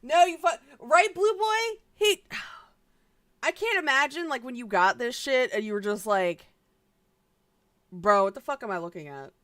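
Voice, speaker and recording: A woman's voice: sits high, lively intonation, unhurried, long pauses, fairly bright tone, dry recording, studio quality. A woman streamer giving casual reaction commentary, exasperated and profane, sighing often.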